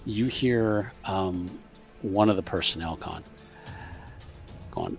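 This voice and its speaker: A man narrating as game master for a tabletop game, pausing often with fillers. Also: low voice, gravelly, soft background music. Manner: halting, filler-heavy narration.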